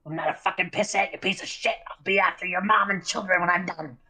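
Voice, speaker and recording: A man's voice: high-pitched, steady tone, quick pace, sharp tone, voice pushed up, full character voice. A man doing a snarling foul-mouthed goblin. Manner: snarling, cursing insults. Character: foul-mouthed captive male goblin, hostile.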